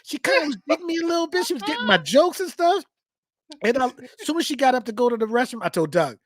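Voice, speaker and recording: A man's voice: very high voice, big pitch swings, fast talker, dry recording, studio quality. A man co-hosting a podcast in casual, laid-back banter full of slang. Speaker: co-host. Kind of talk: casual chat.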